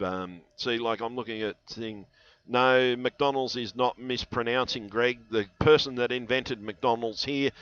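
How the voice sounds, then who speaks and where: A man's voice: fairly low pitch, a bit bright. A man rambling to his viewers in a conspiratorial vlog monologue, full of fillers and restarts, on a headset mic. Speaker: vlogger. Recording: dull lo-fi headset audio.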